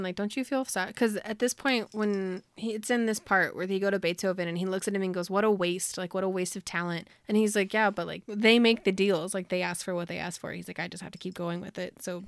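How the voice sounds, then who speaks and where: A woman's voice: mid-range voice, fairly quick, hardly any pauses, clear, resonant tone, no echo. Giggly chatty woman, dry close mic. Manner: chatty, giggly, heavy use of "like". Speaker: podcast co-host. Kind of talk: casual book discussion.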